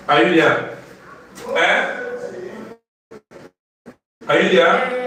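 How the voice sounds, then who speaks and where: A man's voice: on the high side, animated, takes it slowly, pauses often, sharp tone. A man teaching literature to a live class, firing questions that end in "what?" for the students to answer. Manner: call-and-response questioning, repeating "what?". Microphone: far from the mic. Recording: echoey room, distant mic, audible class.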